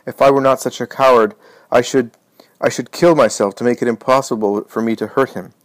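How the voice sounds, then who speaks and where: A man's voice: medium pitch, fairly even intonation, fairly quick, no room sound, natural voice. A man voicing an anguished male disciple who pleads and accuses himself, in a dramatized reading of a religious book.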